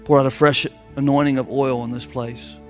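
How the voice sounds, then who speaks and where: A man's voice: medium pitch, flat delivery, normal speed, soft background music. A man preaching a sermon, calling on the congregation to answer back. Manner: preaching with call-and-response. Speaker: pastor.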